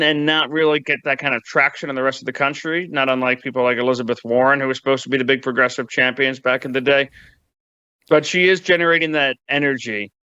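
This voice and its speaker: A man gives wry political commentary, stumbling into restarts as he goes. His voice is bright and crisp, with a dry and slightly dull sound. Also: medium pitch, no room sound.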